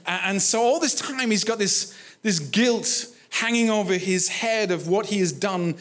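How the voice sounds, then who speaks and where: Guy preaching, high voice, thoughtful, lots of uhs and restarts. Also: measured pace, fairly bright tone. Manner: reflective, with frequent fillers and restarts. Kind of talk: sermon storytelling.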